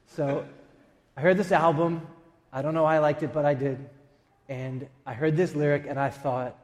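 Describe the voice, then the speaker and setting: A man preaching a sermon as a pastor, emphatic, with dramatic pauses and quick asides. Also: fairly high pitch, fairly even intonation, a little mellow, big-room sound. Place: church sanctuary.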